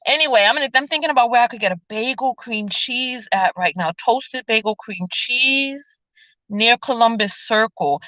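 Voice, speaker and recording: A woman with a New York accent hosting a casual livestream chat from a city street, telling stories in an animated way with sudden high exclamations. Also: no room sound, rough recording. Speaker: vlogger and show host.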